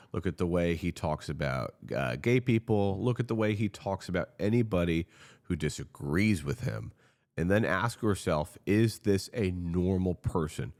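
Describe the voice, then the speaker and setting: A man's voice: deep voice, darkish tone. A man giving impassioned political commentary, earnest and frustrated, pleading directly with his viewers.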